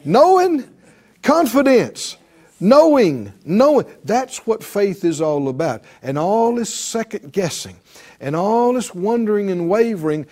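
Lively, slow-paced male preacher. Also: high-pitched. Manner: emphatic, repeats key words, acts out people's prayers. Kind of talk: sermon.

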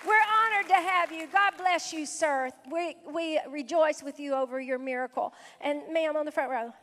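Woman pastor, high voice, effusive greeter, reverberant sanctuary with a faint crowd. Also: normal speed, a bit bright. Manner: exuberant, punctuated with praise exclamations. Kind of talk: welcoming visitors from the pulpit. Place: church sanctuary. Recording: reverberant hall with a faint congregation.

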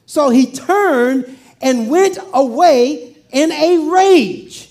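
A woman's voice: high voice, lively intonation, slow pace, a little mellow. A woman pastor preaching a sermon, playfully acting out scripture with humor.

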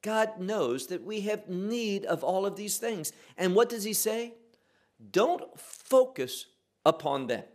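A man delivers a Bible study in a sermon style, posing questions to his listeners and answering them himself. His speech is unhurried, and his voice sits a little high for a man. He stresses key phrases by slowing down and letting his pitch fall. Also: lively intonation. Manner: slows and drops pitch to stress key words. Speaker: Bible teacher. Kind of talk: teaching sermon.

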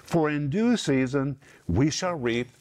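A middle-aged man teaching from the Bible on a talk program, emphatic and repeating key phrases with slow stress. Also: on the high side, lively intonation, a little mellow.

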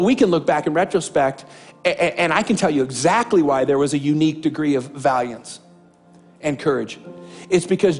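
A man preaching a sermon as a pastor, impassioned and repeating phrases for emphasis. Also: a little high.

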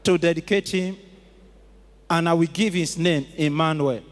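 A man giving a testimony to a church congregation in short, measured phrases. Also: on the high side, fairly even intonation. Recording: echoey large auditorium.

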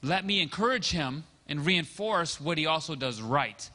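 A high-pitched, bright and forceful male pastor preaching a sermon, his voice ringing with long hall reverb. He talks in a casual storytelling way, acting out the lines of people in his anecdotes. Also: lively intonation, moderate pace. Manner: conversational storytelling, acting out quoted dialogue.

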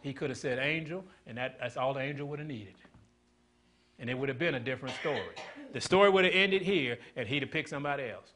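A man preaching a sermon, swinging from loud declarations to hushed asides and calling questions out to the congregation. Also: mid-range voice, fast.

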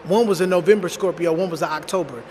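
A man in his thirties telling a personal story in a blunt, animated, slangy way, speaking straight to his viewers. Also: sits high, fast, big-room sound, a little hiss or hum. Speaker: storytime vlogger. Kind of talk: casual storytelling monologue.

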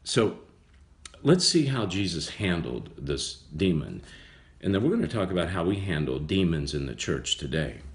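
A man's voice: deep voice, sing-song, normal speed. A man giving a casual Bible study sermon, talking conversationally and repeating phrases for emphasis. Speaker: preacher.

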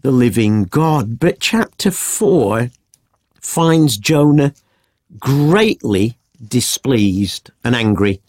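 A man's voice: mid-range voice, drawn-out words. A man teaching a Bible story in a conversational podcast, acting out the quotes as he tells it. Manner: animated storytelling with acted-out quotes.

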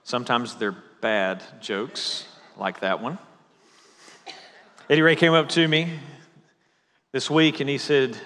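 A male pastor delivers a Sunday sermon in a mid-pitched voice. He starts with light jokes, then turns slow and emphatic, repeating key phrases. His voice rings with the long reverb of a large church hall. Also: animated, fairly bright tone. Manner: jokey opening, then slow emphatic repetition. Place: church sanctuary.

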